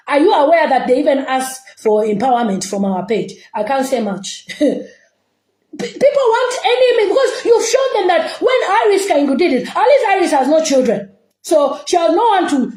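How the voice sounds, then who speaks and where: A Zambian woman, an online commentator, delivers an impassioned, scolding reaction rant packed with rhetorical questions. Her voice is high and a little mellow, captured in a roomy, low-quality recording.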